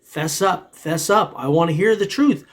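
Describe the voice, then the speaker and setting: A man with a fairly high voice takes his time as he hosts a metal detecting channel. In this casual vlog chat he wanders from point to point, chuckles a lot, and calls every viewer "man."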